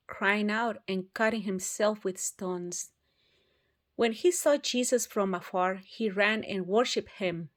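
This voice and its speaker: A woman reading scripture aloud, carefully and with occasional restarts. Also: medium pitch. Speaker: Bible reader.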